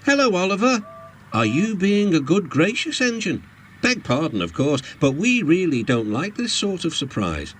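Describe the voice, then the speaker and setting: A man's voice: high voice, sing-song, normal speed, slight background noise, pitched above the performer's own voice. A man voicing a prim, polite male tank engine in a storybook reading, courteously reproachful. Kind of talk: storybook character voice.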